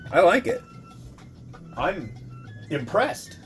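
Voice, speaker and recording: A man's voice: sits high, wildly swooping pitch, drawn-out words, over music. A man who reviews instant noodles, chatting casually and rambling to his viewers as he cooks and tastes. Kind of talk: casual chat while cooking and tasting.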